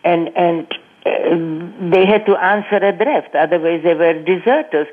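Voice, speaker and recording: An older woman, a guest on a radio interview, telling her life story in a halting, earnest way, repeating words and restarting sentences. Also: lowish voice. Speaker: guest, Holocaust survivor speaking to students. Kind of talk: personal testimony in a radio interview. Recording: tinny phone-line radio audio.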